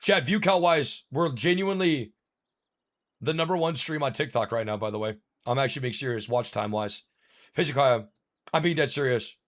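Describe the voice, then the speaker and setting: A man's voice: medium pitch, moderate pace, fairly bright tone, no echo. A man livestreaming a game, talking to chat in frustrated rants and swearing freely. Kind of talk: gaming livestream commentary.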